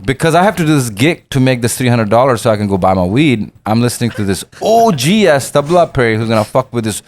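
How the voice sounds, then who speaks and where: This middle-aged guest rapper has a Pakistani accent and a mid-range, darkish voice that swings widely in pitch as he talks fast. In a candid storytelling interview, he rambles through long, profane tales, performing the dialogue himself.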